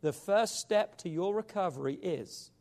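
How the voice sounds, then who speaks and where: A man preaching a sermon as pastor, with emphatic rises and quiet drops. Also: high voice, expressive, measured pace, vocal fry.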